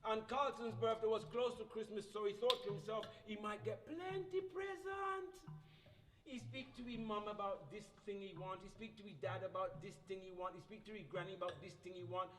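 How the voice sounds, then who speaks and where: A male host telling a story to a live audience in a relaxed, folksy way. His voice sits fairly high and has a long hall reverb with faint noise behind it. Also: fairly quick. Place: library event hall.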